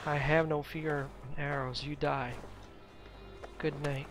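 A man's voice: on the high side, slow pace, long pauses, soft background music. A young man commenting casually on his own gameplay, mixing joking threats with frequent laughter. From Ukraine. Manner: playful mock-menacing trash talk, laughs often. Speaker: gaming channel host. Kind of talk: casual let's-play commentary. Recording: steady background noise.

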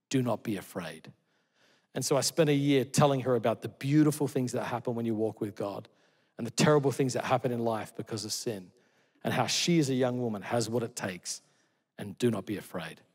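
A middle-aged man preaches in a large church auditorium, and his voice rings out with a long hall reverb. He sits at an ordinary middle pitch for a man. He tells his stories earnestly, rising to loud exclamations and dropping to soft, tender lines. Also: fairly quick, husky. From Australia. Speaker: pastor. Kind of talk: sermon.

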